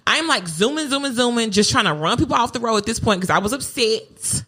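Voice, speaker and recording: A woman's voice: a little high, fairly quick, slightly rough. A woman, co-hosting a podcast and ranting through comic stories. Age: 30s. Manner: animated, ranting storytelling. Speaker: podcast co-host. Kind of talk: casual comedic chat.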